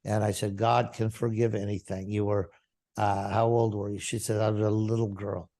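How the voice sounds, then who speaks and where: A man's voice: on the low side, flat delivery, moderate pace, dark tone. A male pastor giving a testimony to a congregation, retelling a story and acting out the dialogue.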